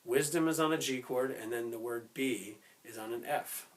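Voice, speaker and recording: A man teaching a step-by-step music lesson who explains slowly, keeps checking in with "right?" and breaks into short sung snippets. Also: medium pitch. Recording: loud instrument playing behind the voice.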